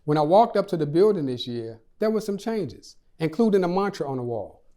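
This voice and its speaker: A man's voice: on the high side, very animated, brisk, warm tone. A man speaking for a charity, telling a personal story in a prepared talk, earnestly, his voice rising and dropping for emphasis.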